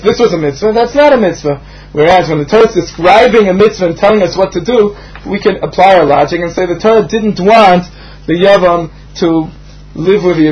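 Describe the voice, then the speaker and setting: A man's voice: fairly high pitch, highs cut off. Man giving a lecture. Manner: explanatory, rhythmic lecturing with frequent fillers. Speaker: Talmud teacher. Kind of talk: Talmud lecture.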